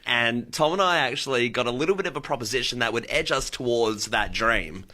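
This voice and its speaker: A man co-hosting a breakfast radio show, chatty and quick to laugh as he tells stories. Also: medium pitch, sharp tone. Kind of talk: casual radio banter.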